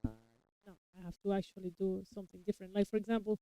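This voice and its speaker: A woman co-hosting a casual chat about a TV episode, herself a parent of young children, explains her views at length and often restarts her sentences. Her medium-pitched, mellow voice is very fast with little pitch movement; the recording is low quality, with no room sound.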